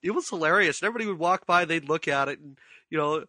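Bright, animated man telling a story. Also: on the high side, rapid-fire, no echo. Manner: animated storyteller, laughs often, repeats words when excited. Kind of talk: casual chat.

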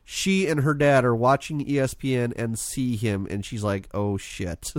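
A man on a podcast telling stories in a lively, animated way and swearing freely in a casual movie chat. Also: medium pitch, normal speed, no room sound. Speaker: podcast co-host.

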